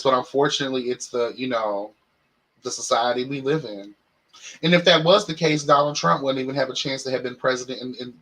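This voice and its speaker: A young man hosts a casual talk show, spinning a story with flamboyant, sassy flair. His voice is bright and forceful, and it stays in a middle pitch. He keeps the delivery loose, animated and chatty. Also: rough recording. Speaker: podcast host.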